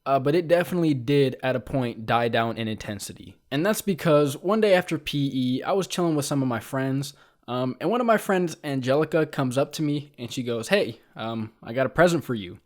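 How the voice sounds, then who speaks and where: A man's voice: medium pitch, expressive, fairly quick. A young man and vlogger telling a comic story about his past in a casual, self-mocking way, with frequent ums and uhs. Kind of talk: comedic storytime narration.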